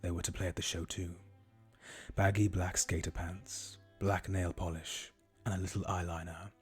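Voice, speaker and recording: A man reading a fan story aloud in a deadpan voice, with groaning asides between chapters. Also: deep voice, moderate pace, husky, faint music behind. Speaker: streamer reading a fanfic aloud. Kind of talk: mocking dramatic reading.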